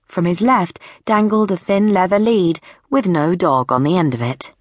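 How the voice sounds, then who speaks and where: Brief: woman audiobook narrator, lowish voice, measured and wry, close dry studio sound. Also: dry recording.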